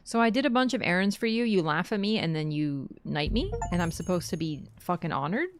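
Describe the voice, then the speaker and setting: A woman's voice: on the low side, lively intonation, brisk, soft background music. A woman streamer commenting on a game with sarcastic, joking asides.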